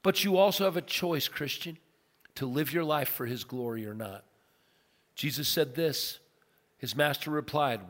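A middle-aged male pastor preaching a sermon, telling a story with big swings from loud to soft. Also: mid-range voice, unhurried. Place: church sanctuary. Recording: long hall reverb.

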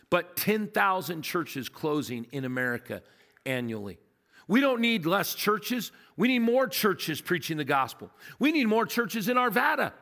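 A man's voice: high-pitched, big pitch swings, measured pace, fairly bright tone. A man delivering a sermon to a congregation, in a conversational and emphatic manner with rhetorical questions. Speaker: guest preacher. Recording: long hall reverb.

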